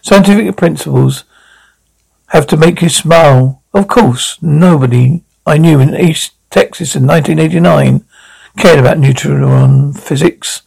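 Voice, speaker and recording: A man's voice: a little high, unhurried, gravelly, darkish tone, breathy edge, heavily acted, rough recording. A man giving dry, wry scripted narration for a television comedy.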